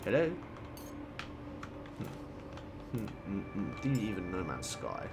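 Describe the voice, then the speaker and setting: A young man giving excitable let's play commentary, gushing and laughing often as he plays. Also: sits low, measured pace, over loud music. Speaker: gaming channel host.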